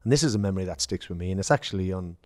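An English man, a former footballer, telling lively anecdotes in casual chat and acting out the quoted dialogue. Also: low voice, very fast, dry recording, clean studio sound. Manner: storytelling, acts out quoted dialogue, laughs. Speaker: former footballer, podcast guest.

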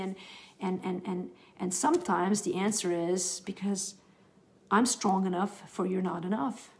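A woman's voice: medium pitch, fairly even intonation, normal speed. A middle-aged woman giving a teaching session to new believers, talking in an earnest, conversational way with frequent restarts. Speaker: Bible teacher.

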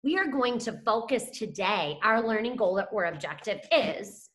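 A woman's voice: mid-range voice, animated, moderate pace, fairly bright tone. A young adult woman teacher leading a phonics lesson for young children, encouraging and sing-song, drawing out letter sounds.

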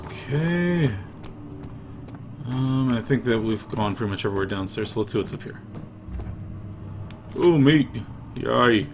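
A man's voice: medium pitch, lively intonation, unhurried, pauses often, background noise. A man giving profane, irritable gameplay commentary, mumbling to himself as he plays, into a desk mic. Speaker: let's play gamer.

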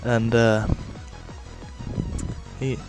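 A young man rambling casually through a let's-play of a game on a headset mic, with lots of fillers and sudden shouts of frustration. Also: mid-range voice, flat delivery, very slow, faint music behind. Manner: rambling, filler-heavy, bursts into rage shouts. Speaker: gaming video host.

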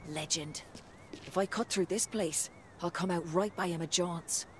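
A woman's voice: fairly low pitch, moderate pace, slight background noise, natural voice. A woman playing a sardonic Irish zombie survivor. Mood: wry. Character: tough young woman survivor in a zombie game. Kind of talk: video game voice acting.

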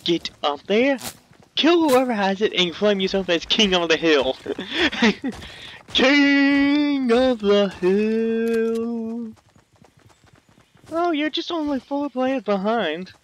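A man's voice: sits high, sing-song, slow pace, fairly bright tone, a little hiss or hum. A man casually commentating a video game, playful and teasing, laughing often. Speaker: gameplay commentator.

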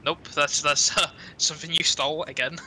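A man's voice: on the high side, fairly even intonation, normal speed, pushed and bright, slight background noise. A British man from England, a friend in a game session, chatting casually with dry teasing banter. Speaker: co-player. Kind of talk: casual gaming chat.

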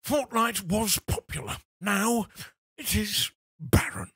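A man putting on a deadpan documentary narrator voice, solemnly describing an online game in chat. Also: high voice, slow, voice pushed down, heavily acted. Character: gruff documentary-style male narrator.

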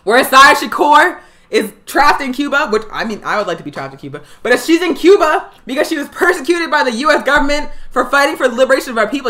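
Young woman host, slightly high voice, impassioned live political talk, punchy repetition. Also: animated, quick pace, bright, forceful tone. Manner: fiery, emphatic, repeats phrases for stress. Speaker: political education show host.

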